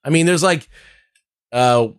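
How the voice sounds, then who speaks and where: A man's voice: fairly high pitch, unhurried, clean tone, dry recording, studio quality. Rambling, cursing man on a podcast. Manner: rambling, profane, lots of fillers. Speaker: podcast co-host. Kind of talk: casual review chat.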